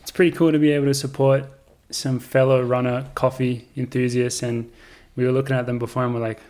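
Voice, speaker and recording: A young man hosting a casual podcast chat, relaxed and rambling. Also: mid-range voice, fairly quick. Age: young adult. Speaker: podcast host.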